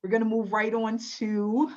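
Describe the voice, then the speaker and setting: A woman's voice: on the high side, flat delivery, normal speed, lo-fi sound. A woman hosting an online webinar, upbeat and chatty, laughing often. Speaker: webinar host.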